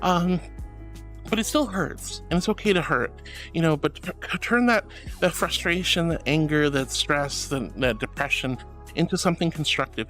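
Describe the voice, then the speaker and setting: A woman streaming as a VTuber archangel persona, chatting casually with her viewers in a playful, dramatic way and turning soft and comforting when she consoles them. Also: low-pitched, normal speed, soft background music. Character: archangel persona, regal and sweet. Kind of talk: casual livestream chat.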